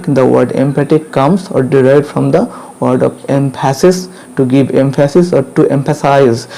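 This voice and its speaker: A man teaching grammar, repeating each point and checking in with questions like "clear?". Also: on the high side, mellow, poor audio. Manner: repetitive, drills points again and again with checking questions. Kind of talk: classroom grammar lesson.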